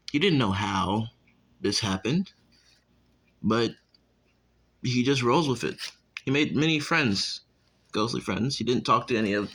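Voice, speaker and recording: A man's voice: mid-range voice, rough recording. A young man casually improvising a fan story, rambling, cursing and breaking off to talk to his viewers. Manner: rambling and profane, with asides to viewers.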